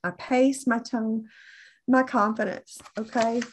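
A middle-aged woman coaching on phone sales in an earnest, deliberate way, often repeating herself for emphasis. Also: fairly high pitch, fairly even intonation. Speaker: insurance sales trainer.

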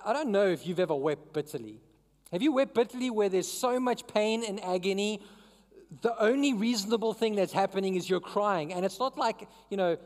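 A man's voice: high voice, darkish tone, big-room sound. A man preaching a sermon as pastor, talking conversationally and throwing questions to the congregation. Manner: conversational, asks the crowd questions.

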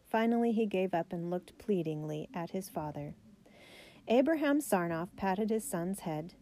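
Mellow woman reading a storybook aloud. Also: lowish voice, animated, normal speed. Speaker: narrator. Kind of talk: reading a children's biography aloud.

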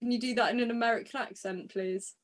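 A woman co-hosting a podcast, teasing the others with quick interjections in casual chat. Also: fairly high pitch, fairly even intonation.

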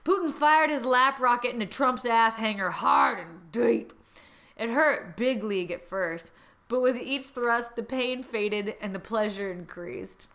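A woman podcast host, doing a comedic reading with animated, jokey banter and casual swearing. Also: on the high side, measured pace.

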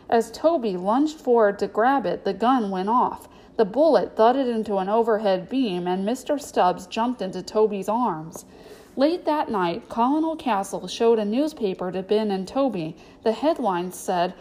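A woman reading a storybook aloud in a steady, clear narrating manner. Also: mid-range voice, moderate pace, poor audio. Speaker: reader.

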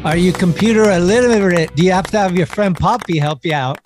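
A man's voice: high voice, a little fast, music in the background. Laid-back slangy male podcast host. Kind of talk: casual chat.

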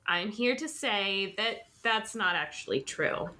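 A woman co-hosting a podcast in casual chat, animated and laughing often. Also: medium pitch, unhurried. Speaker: podcast co-host.

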